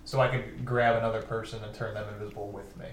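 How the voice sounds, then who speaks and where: A man's voice: lowish voice, flat delivery, fast talker. A man banters as a player in a tabletop game, rambling and restarting as he jokes. He sits back from the mic, and the room rings with echo. There is faint background noise. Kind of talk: casual tabletop play. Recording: echoey room, slightly distant mic.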